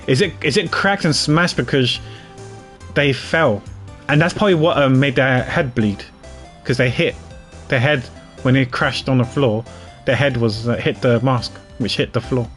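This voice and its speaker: With faint music behind him, a man streams a video game and keeps up casual, rambling commentary, chatting away and poking fun at himself. His voice is medium-pitched and fairly bright, at a moderate pace.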